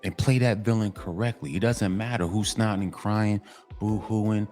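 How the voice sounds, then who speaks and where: A man's voice: fairly low pitch, fairly even intonation, moderate pace, music in the background. A man delivering a casual monologue to other men, emphatic and repetitive, in a preachy tone. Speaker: commentary channel host.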